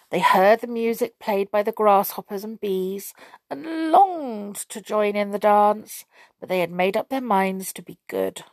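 A woman reading a children's fairy story aloud in a gentle, expressive storybook manner. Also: mid-range voice, no echo.

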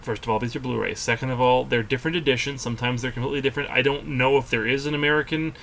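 Hoarse man hosting a podcast. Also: mid-range voice, steady tone, very fast, fairly bright tone, slight background noise. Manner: joking, playfully defensive. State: hoarse, lingering cold. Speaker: podcast host. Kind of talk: casual chat.

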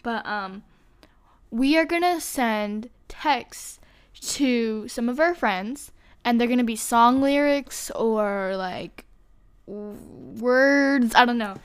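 A woman's voice: a little high, takes it slowly, clean tone. A young woman co-hosting a podcast, chatting casually and rambling with lots of fillers and giggles. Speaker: podcast co-host. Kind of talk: casual chat.

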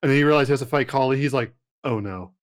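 A man co-hosting a podcast, chatting in a relaxed, agreeable way and retelling moments with quoted lines. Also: medium pitch, very fast, smooth. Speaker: podcast co-host. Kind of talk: casual wrestling review chat.

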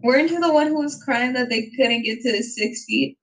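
A young woman in a casual chat with friends, sassy and quick with comebacks. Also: a little high, low-quality recording.

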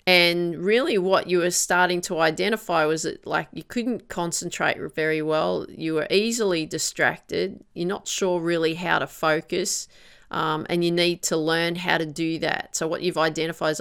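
A woman's voice: fairly low pitch, fairly even intonation, normal speed, vocal fry, fairly bright tone, clean tone. A woman coaching golfers on their mental game, who works through one question after another and sometimes acts out an inner voice. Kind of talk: coaching monologue.

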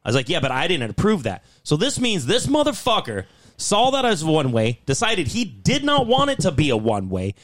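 Profane, animated man ranting. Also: fairly high pitch, a little fast. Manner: profane, animated, heated storytelling. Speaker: podcast host. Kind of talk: casual ranting story.

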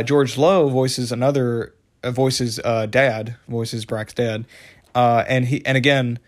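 A man talking casually and at length about a favorite cartoon, rambling with many fillers and restarts. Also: mid-range voice. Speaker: show reviewer. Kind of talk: casual monologue review.

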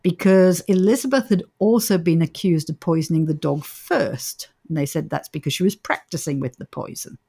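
A chatty woman with a slightly low voice tells the story of a ghost hunt to her co-host. She laughs often and keeps the talk casual and easygoing. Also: normal speed, gravelly, hardly any pauses, mellow, breathy edge. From Australia. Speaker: podcast co-host. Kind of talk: casual chat.

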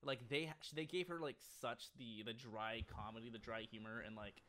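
A man's voice: medium pitch, fairly even intonation, fairly bright tone. Young guy cohosting a chill podcast, rambles a lot, tons of likes and ums, medium voice. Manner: rambling, filler-heavy, quick bursts of laughter. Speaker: podcast co-host. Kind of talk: casual chat.

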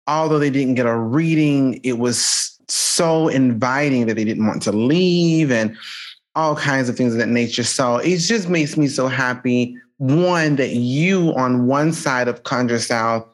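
A man hosting a podcast, chatty and emphatic, mixing French greetings into his English. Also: mid-range voice. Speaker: podcast host. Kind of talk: casual podcast chat.

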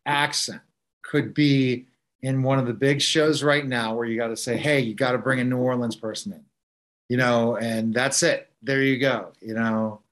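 A man's voice: medium pitch, flat delivery, moderate pace, fairly bright tone. A man hosting a podcast interview, asking rambling, encouraging follow-up questions. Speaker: podcast host. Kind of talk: casual interview chat.

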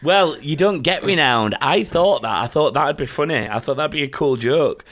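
A man's voice: a little high, animated, normal speed, a bit bright. A man, a podcast host chatting casually and telling stories. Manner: chatty, laughing, storytelling. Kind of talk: casual chat.

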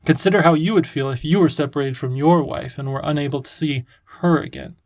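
A kindly, courteous old professor who talks gently and with measured politeness, as a man reads him. His voice is a touch high. The sound is dry and close. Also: no echo, close to an everyday voice. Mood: gentle.

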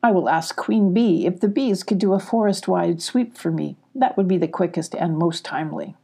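A woman's voice: lowish voice, moderate pace, creaky, warm tone, slightly rough. Woman playing Mama Owl, a wise kindly owl. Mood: thoughtful. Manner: thoughtful.

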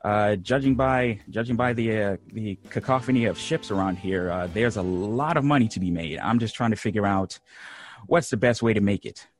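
Low-voiced man role-playing a tabletop character. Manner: casual, halting, with laughs. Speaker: player.

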